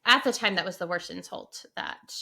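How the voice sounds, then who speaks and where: Woman podcast co-host, bright tone, animated storyteller who acts out quotes. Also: fairly low pitch, normal speed, creaky. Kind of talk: casual chat.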